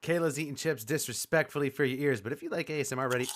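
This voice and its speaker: A man's voice: medium pitch, very fast, few pauses, a little hiss or hum. A man co-hosting a podcast in rowdy, hyper banter, cracking jokes and swearing often. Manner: hyper and excitable. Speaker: podcast co-host.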